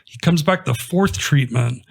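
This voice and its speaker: Gravelly man telling a story. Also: on the high side, a little slow. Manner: conversational, animated retelling with quoted dialogue. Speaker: clinic owner telling a patient story. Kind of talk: casual storytelling in a podcast interview.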